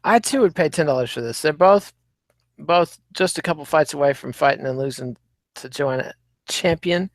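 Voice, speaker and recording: A man hosts a casual podcast, previewing upcoming fights with dry, sarcastic wit. His voice is on the high side, his pace moderate, and the recording dry.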